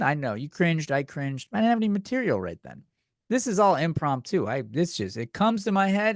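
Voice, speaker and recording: A man's voice: on the high side, big pitch swings, moderate pace, vocal fry, no room sound, studio quality. A man hosting a comedy podcast, talking bluntly with lots of swearing, rambling and restarting his sentences. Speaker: podcast host.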